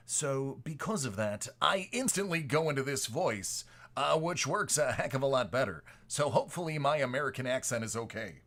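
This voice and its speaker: A man's voice: medium pitch, fairly bright tone. A man putting on a formal English-accented persona of a card seller, hesitant and full of uh and um. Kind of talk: comic put-on voice on a stream.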